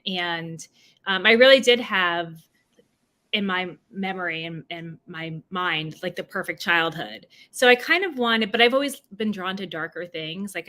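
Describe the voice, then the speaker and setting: A woman's voice: lowish voice, sharp tone. A woman from New Jersey, an author answering questions at a livestreamed book event, talking with many fillers and restarts over a video call. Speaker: author being interviewed.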